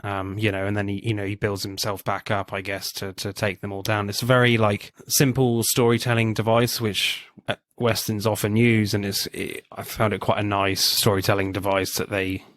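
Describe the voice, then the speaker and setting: A man's voice: on the low side, level tone, moderate pace, hardly any pauses, a bit bright, no room sound. A man co-hosting a casual film podcast, laughing often and reading quotes aloud. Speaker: podcast co-host. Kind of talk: casual film review chat.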